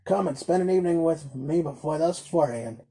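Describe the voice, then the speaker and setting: Sneery sarcastic toy merchant guy as a man reads him, husky and mellow, barks out his scorn. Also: on the high side, a little fast. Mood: sly. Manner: brusque, scornful, loud outbursts.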